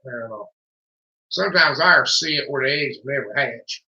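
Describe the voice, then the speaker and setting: A man with a sharp-toned, mid-range voice speaks a little slowly, his intonation lively and his Southern US accent drawling. As a livestream co-host in casual chat, he spins folksy stories, recorded in an echoey room with dull, lo-fi audio.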